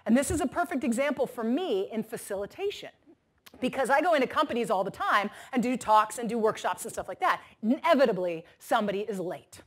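A woman's voice: fairly high pitch, fairly quick. A woman motivational speaker telling stories to an audience, acting out the voices of the people in them. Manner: animated storytelling, acts out quoted voices. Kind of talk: keynote talk to an audience.

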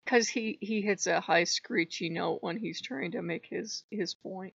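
A woman vlogging in casual chat, telling a story in an animated, exasperated way with frequent laughs. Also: mid-range voice, normal speed, creaky, hardly any pauses, breathy edge, no room sound, lo-fi sound. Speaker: vlogger on a spirituality channel.

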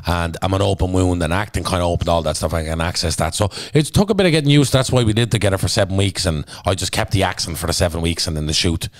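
A man's voice: sits low, fast, few pauses, no echo, studio quality. A man with an Irish Traveller accent, a podcast guest and actor, telling stories in blunt, sweary casual chat. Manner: blunt, sweary, animated storytelling.

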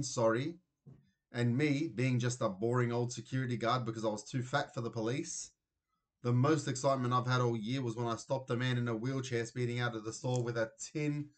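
A man's voice: medium pitch, steady tone, moderate pace, close to an everyday voice. A man voicing a weary, grumpy father who works as a security guard, in a children's storybook reading. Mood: blustering.

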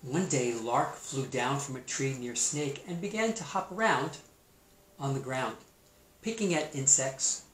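A man, a teacher, reading a storybook aloud in a playful, expressive way and adding his own comments on the story. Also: medium pitch, unhurried, slight background noise. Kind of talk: storybook read-aloud with asides. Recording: roomy echo.

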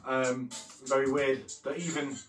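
A man's voice: medium pitch, fairly even intonation, a little slow. A man in his thirties hosting an art workshop, chatting loosely through his pictures with many fillers and self-corrections. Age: 30s. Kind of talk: casual walkthrough of artwork. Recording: slightly distant mic with faint music behind.

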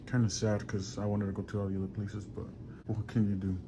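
A man's voice: lowish voice, flat delivery, fast talker, noisy background. A young man talking casually to his camera for a vlog, worn out, sore and lightheaded, with a loose, profane, slangy way of speaking. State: in pain and lightheaded. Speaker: vlogger.

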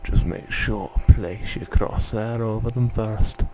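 A man voicing a gruff, condescending male tutorial instructor in a video game, barking instructions in a wandering mock Scottish accent. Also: on the low side, unhurried, background noise. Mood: bossy.

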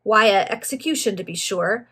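A woman reading aloud as a rude young servant girl from an old storybook. She is curt and abrupt and uses slang. The voice is slightly husky. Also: mid-range voice, moderate pace, a bit bright.

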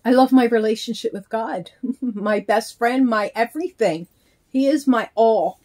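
Opening her mail on camera, a middle-aged reborn doll vlogger speaks slowly and warmly, overflowing with gratitude in a casual unboxing chat. Her pitch runs fairly high, and the tone is a little mellow.

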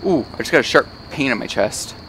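A man's voice: medium pitch, expressive, a little fast, a bit bright. A man chatting casually and teasing his friend while playing a game. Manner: joking, teasing, sings snatches. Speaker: gamer. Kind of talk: casual gameplay chat. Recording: faint background noise.

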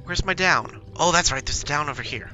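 High, bright young man gaming. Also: moderate pace, muffled recording, slight background noise. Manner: jumpy, talks to himself and to game monsters. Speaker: gaming channel host. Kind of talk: let's play commentary.

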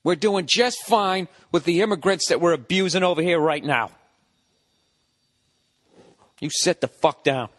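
A Boston-accented man in his forties hosts a podcast from home, launching into profane, sarcastic, animated rants in a rambling comic monologue. His voice is on the high side, at a moderate pace, with a big-room sound despite recording indoors.

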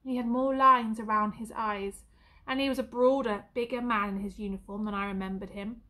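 A woman's voice: on the high side, normal speed. Woman reading a storybook aloud. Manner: expressive, varied reading.

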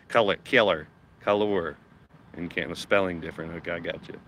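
A man's voice: low-pitched, moderate pace, a bit bright, lo-fi sound, slight background noise. A man hosting a casual gardening livestream from his backyard, chatting and swearing loosely while reading out viewer comments. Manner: chatty, swears casually, reads chat aloud.

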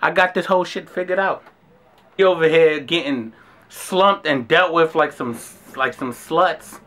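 A young man with a bright, forceful voice tells a story straight to camera. His delivery is brash and profane, and he acts out the other people's lines himself. His voice sits a little high for a man. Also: unhurried. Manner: brash, profane, acts out dialogue with rising outbursts. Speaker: vlogger telling a travel story. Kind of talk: animated storytime monologue.

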